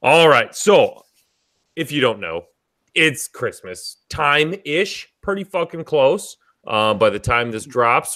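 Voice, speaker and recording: Boisterous man hosting, lively pitch. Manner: boisterous, joking, swears freely. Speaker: podcast host. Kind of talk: casual live podcast chat.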